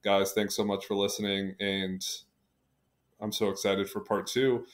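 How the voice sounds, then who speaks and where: A man with a low, level voice wraps up his podcast episode. He sounds relaxed and unhurried as he points listeners to his pages. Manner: relaxed, even-toned, plugging links. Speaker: podcast host. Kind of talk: casual podcast sign-off.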